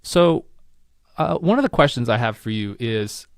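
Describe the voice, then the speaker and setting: Man, podcast host, mid-pitched voice, dry close sound, reflective, thoughtful questions. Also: big pitch swings, normal speed, clear, resonant tone, dry recording. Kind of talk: casual interview conversation.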